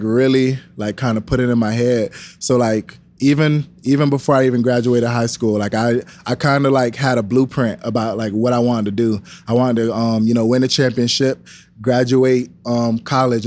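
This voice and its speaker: A young man, a podcast guest, telling a story in casual talk and acting out the voices of the people in it. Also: medium pitch. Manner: animated, acts out quoted dialogue. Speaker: podcast guest, wrestling coach.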